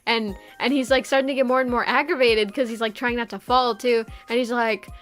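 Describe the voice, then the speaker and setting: Young woman streamer, slightly high voice, giggly and rambling, casual chat. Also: fairly even intonation, a little fast, faint music behind. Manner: giggly, rambling, many fillers.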